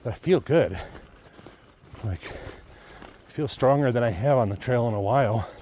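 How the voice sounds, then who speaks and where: A man's voice: mid-range voice, a little slow, dark tone, slight background noise. Out-of-breath male hiker, casual trail commentary recorded outdoors on camera. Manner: panting, talking while walking through snow. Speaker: vlogger hiking. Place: snowy mountain forest outdoors.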